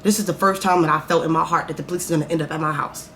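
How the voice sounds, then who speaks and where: Low-voiced woman telling a rambling story. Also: steady tone, rapid-fire, a bit bright, slight background noise. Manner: candid and profane, rambling with many fillers. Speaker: vlogger. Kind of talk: casual storytime.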